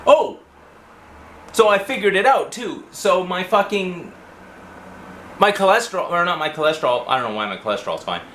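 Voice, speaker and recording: A man's voice: sits high, animated, a little fast, bright, forceful tone, echoey room, a little hiss or hum. A man ranting in a profane monologue for his video blog, swearing constantly. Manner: swears constantly, rants angrily. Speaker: vlogger.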